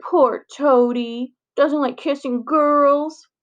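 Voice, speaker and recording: A woman's voice: sits high, lively intonation, measured pace, highs cut off, pitched above the performer's own voice. A woman voicing a rowdy, mocking schoolboy in a children's story reading. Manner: loud and teasing. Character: rowdy mocking boy, classroom bully.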